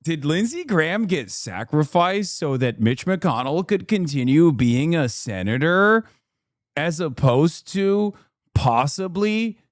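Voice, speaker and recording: A man's voice: fairly high pitch, no echo, clean studio sound. A man from the United States giving casual, sarcastic livestream commentary on politics. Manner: sarcastic, joking.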